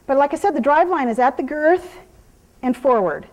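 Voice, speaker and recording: A woman with a fairly high voice teaches a horse clinic outdoors, walking viewers through each step of the groundwork in plain, practical words. She talks to the horse in soothing, encouraging tones between her explanations. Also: expressive, normal speed, darkish tone, low-quality recording. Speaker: horse trainer. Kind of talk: instructional clinic talk while working a horse.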